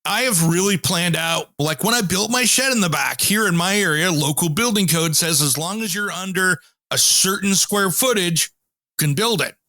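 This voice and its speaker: A man's voice: high-pitched, normal speed, no room sound. A man hosting a home improvement show, telling stories in a casual chat and acting out the people he quotes. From Pacific Northwest, US. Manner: animated storyteller, acts out quotes.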